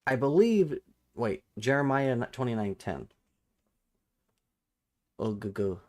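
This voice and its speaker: A man of ordinary pitch hosts a live Bible study stream, talking off the cuff. He stumbles and restarts as he hunts for verses, then reads the passages aloud. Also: very animated, darkish tone. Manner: halting and self-correcting, restarts numbers while looking up verses; reads scripture and viewer chat aloud.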